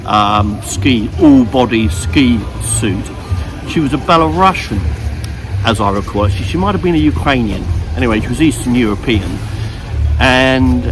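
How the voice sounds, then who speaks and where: A middle-aged man recounts dating stories in a meandering, reflective way as he walks outdoors. He pauses often and restarts his sentences. His voice sits in an ordinary middle range for a man, and clear music plays behind him. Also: medium pitch. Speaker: vlogger on dating. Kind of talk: rambling anecdotal storytelling. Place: outdoors on a street, walking.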